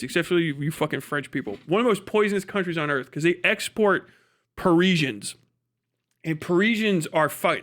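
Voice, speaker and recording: A high-pitched man holds a loose, profane live-stream rant, laughing between his jabs. His talk is casual and full of swearing, dropped straight into the mic. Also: fairly bright tone. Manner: profane, ranting, laughs often. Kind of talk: casual livestream chat.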